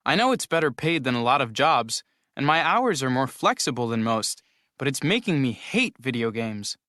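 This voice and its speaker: A weary young game tester, complaining, animated pitch; scripted course dialogue. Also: male voice, normal speed, no echo, studio quality. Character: young man tired of his game-testing job.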